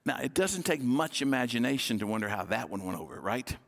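A male pastor preaching a sermon, retelling a Bible story and acting out its dialogue in a lively storytelling manner. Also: mid-range voice, fairly quick, vocal fry.

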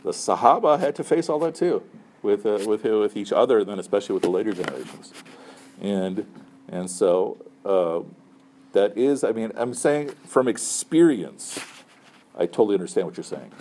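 A man's voice: fairly low pitch, animated, moderate pace, a little mellow, slight background noise. A middle-aged man, a Muslim chaplain, giving students casual, conversational advice and often checking in with "right?" and "okay?". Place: room with a student group.

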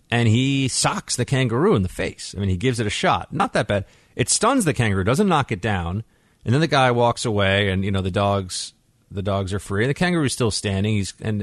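A man hosting a radio talk show with a lowish voice, close and dry in the studio. He speaks casually and gives his opinions, stopping and restarting his sentences as he goes. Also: no room sound. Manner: conversational, frequent restarts, opinionated. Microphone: studio microphone.

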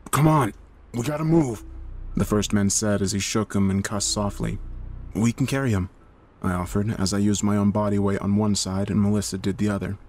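A man narrating a horror story in a steady, measured storytelling manner. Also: lowish voice.

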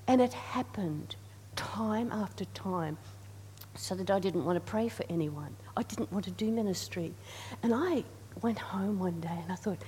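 A woman's voice: mid-range voice, lively intonation, moderate pace, mellow. Woman preacher, earnest sermon delivery, hall reverb with a faint hum. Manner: earnest, repeats phrases, leads the congregation in responses.

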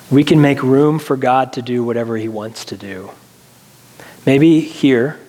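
A male pastor giving an earnest sermon, slowing down to stress key phrases before leading a prayer. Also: medium pitch, darkish tone. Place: church sanctuary. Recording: long reverb of a large hall, faint music.

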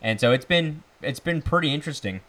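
A student and bartender in his twenties guests on a podcast, speaking in a slightly high, expressive, somewhat bright voice. He's chatty and fast, storytelling with plenty of "like" and "literally."

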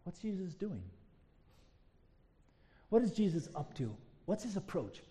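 A man preaching a sermon as pastor, telling a story in an animated way and asking the congregation rhetorical questions. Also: sits high, measured pace.

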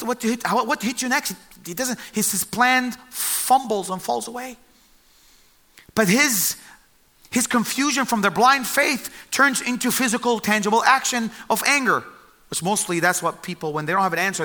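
A man preaching a sermon, retelling a Bible story with animated storytelling and acting out the voices of its figures. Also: sits high, a little fast.

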